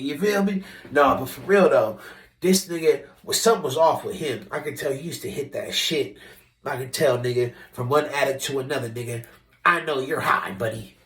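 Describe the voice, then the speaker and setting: A man telling a story from his old job in a casual, animated and profane way, acting out what people said. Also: mid-range voice, roomy sound. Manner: animated, profane, acts out quotes with shifting voice. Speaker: vlogger telling a work story.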